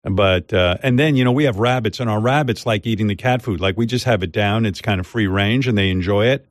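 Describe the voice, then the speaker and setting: A man's voice: fairly low pitch, brisk, dry recording. An older man, a radio host, telling a long rambling story in casual chat on a studio mic. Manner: rambling, animated, mimics others' voices in quotes. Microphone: studio microphone.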